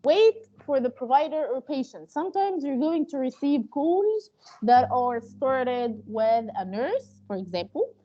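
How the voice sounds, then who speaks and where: Female instructor giving an online class over a lo-fi call, high pitch and soft tone, explanatory and loose. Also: very animated, measured pace. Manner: explanatory, with frequent fillers and restarts. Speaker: medical interpreting instructor. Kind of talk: live online class lecture. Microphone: video call. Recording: muffled lo-fi call audio.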